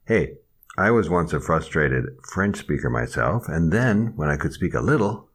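An older man with a Midwestern American accent, his voice sitting low but leaping around with animated energy. He teases his co-host and tells stories with theatrical flair in a casual comic podcast. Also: moderate pace. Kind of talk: casual comic chat and storytelling.

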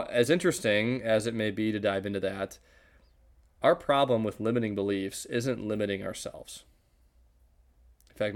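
A man reading a Bible passage and then giving an earnest, measured devotional talk for his podcast. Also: fairly low pitch. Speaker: podcast preacher. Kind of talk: scripture reading and devotional teaching.

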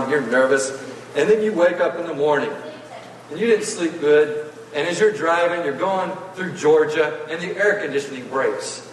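A man's voice: on the high side, distant mic, a little hiss or hum. A male preacher telling a folksy, playful story during a sermon. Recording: echoey hall, voice from afar.

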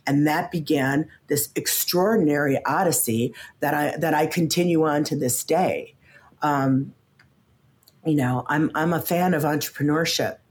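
Low-voiced woman in her fifties, animated. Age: 50s. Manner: animated, stammers at starts, acts out quoted voices. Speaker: podcast guest, coach and author. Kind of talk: casual interview chat.

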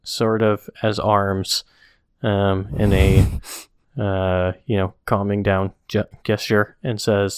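Slow-talking low-voiced man. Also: little pitch movement, clean tone, no room sound, clean studio sound. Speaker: podcast co-host. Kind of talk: casual chat.

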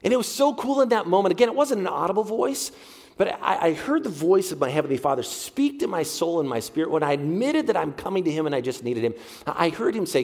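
A man's voice: sits high, very animated, fast talker, a little mellow. A middle-aged man preaching a heartfelt sermon as a pastor, leaning on repeated phrases. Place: church sanctuary. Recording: long hall reverb.

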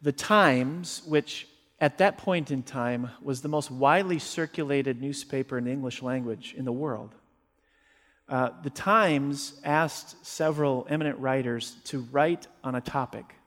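A male pastor preaching a sermon, emphatic, swinging between forceful peaks and quiet low passages. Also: a little slow, big-room sound.

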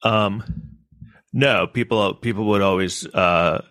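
Male podcast host, very low voice, hesitant and self-deprecating, casual chat, dry close mic. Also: slow, fairly bright tone, no echo.

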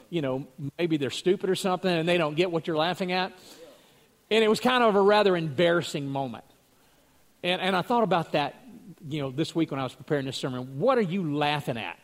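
A pastor delivers his sermon like a chat with friends, his voice pitched high for a man. He spins anecdotes, stops to chuckle, and doubles back on words mid-sentence. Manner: storytelling, chuckling, repeats words as he goes. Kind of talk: conversational sermon.

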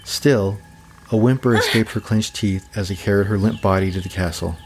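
A man reading a fantasy story aloud in a measured, descriptive narration. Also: fairly low pitch, fairly even intonation, background noise.

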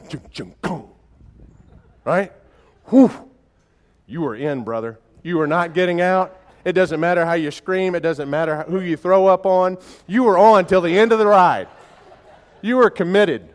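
In a high-pitched voice, a pastor preaches folksy and conversational, telling stories and often starting his words over. His delivery swings from quiet and slow to loud and excited.

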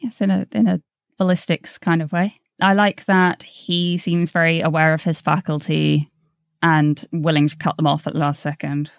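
Low gravelly woman with wry remarks. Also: flat delivery, moderate pace, dry recording. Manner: dry, wry remarks and soft murmured agreement. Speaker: podcast co-host. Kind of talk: casual book podcast chat.

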